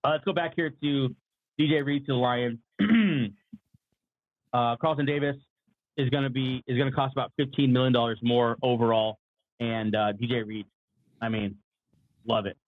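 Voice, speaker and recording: A man co-hosting a casual sports talk livestream, clearing his throat often and slightly losing his voice, over a tinny remote line. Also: mid-range voice, steady tone, moderate pace, pauses often, no room sound. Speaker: podcast co-host.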